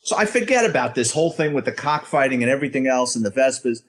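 A middle-aged man, a former police officer telling a profane, animated story and acting out the dialogue in a casual talk. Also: medium pitch, fast. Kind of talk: casual anecdote on a podcast.

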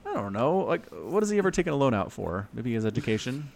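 A man's voice: mid-range voice, big pitch swings, fast talker, gravelly, darkish tone. An American man co-hosting a podcast in casual chat, teasing and laughing often. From United States. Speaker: podcast co-host.

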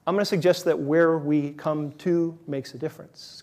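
Male pastor, slightly high voice, relaxed conversational sermon delivery with emphatic repetition. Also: normal speed. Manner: conversational, emphatic preaching with repeated words.

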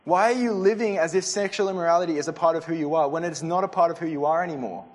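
A man's voice: a little high, rapid-fire. A young man giving a sermon, earnest and conversational, often restarting his sentences. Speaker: preacher. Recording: reverberant hall.

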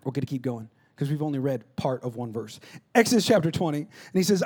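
A pastor preaches with a high, light voice. He tells stories with animation, dropping to near hushes and rising to loud bursts. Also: fairly quick, few pauses. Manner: animated storytelling, jumps between hushed and loud. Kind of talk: sermon.

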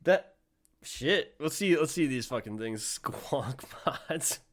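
A man's voice: a little high, animated, slow. A man co-hosting a comedy podcast, chatting casually, incredulous and profane, laughing often. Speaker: podcast co-host.

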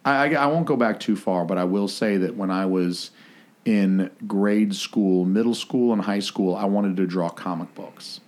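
Male podcast host, low voice, crude rambling banter. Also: measured pace, a little mellow. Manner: crude, joking, rambling with fillers. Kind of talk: casual chat.

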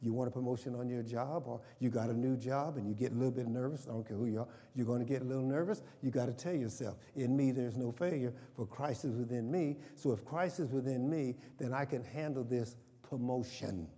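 In a church hall with long reverb, a male pastor delivers his sermon through call-and-response, questioning the congregation and leading them to repeat sayings. He speaks quickly with few pauses in a mid-range voice of dark tone.

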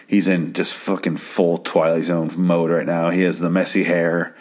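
A man's voice: low voice, level tone, moderate pace, darkish tone. A man casually recapping a TV episode at home, rambling and stammering with plenty of swearing. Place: home at night.

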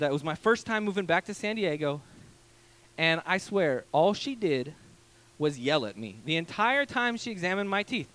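A man, a pastor in his thirties, preaching a casual storytelling sermon from a church stage, animated and full of fillers. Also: on the high side. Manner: animated, acts out quoted voices, many fillers.

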